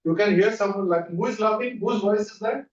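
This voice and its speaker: Guy running a guided visualization, firing off repeated questions, far off mic, roomy sound. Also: high-pitched. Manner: coaching with rapid repeated questions. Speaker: NLP trainer. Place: training room. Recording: dull echoey room audio from far off.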